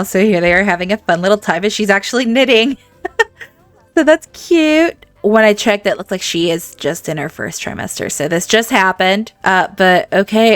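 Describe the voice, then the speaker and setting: A woman hosting a let's-play, giving game commentary in an animated way, laughing often and talking to her viewers. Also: mid-range voice, dry recording. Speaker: gaming channel host.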